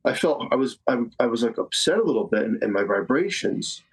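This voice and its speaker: A man's voice: mid-range voice, sing-song, brisk, slightly rough, low-quality recording. Earnest fifty-something man telling a story. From Staten Island, New York. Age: 50s. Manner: earnest, repeats phrases for emphasis. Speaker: psychic medium guest. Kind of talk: personal storytelling in conversation.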